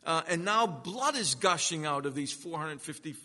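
A male pastor preaching with a bright, forceful voice that sits a little high for a man. He swings from ringing emphasis to hushed, slowed phrases. The sound carries a long reverb, as in a big hall. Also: expressive. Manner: dramatic swings from loud to hushed. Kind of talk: sermon.

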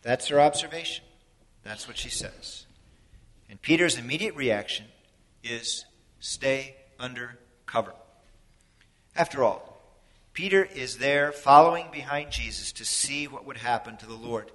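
A man's voice: mid-range voice, moderate pace, fairly bright tone. Man preaching in a reverberant hall. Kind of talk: sermon.

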